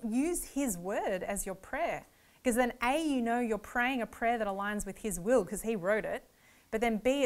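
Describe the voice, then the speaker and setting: A woman giving a Bible teaching lecture, explaining each point earnestly and step by step. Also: fairly high pitch.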